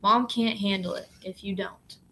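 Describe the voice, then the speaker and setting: A woman voicing an earnest young boy who speaks quietly and hesitantly in a storybook reading. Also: mid-range voice, steady tone, moderate pace, slight background noise, natural voice.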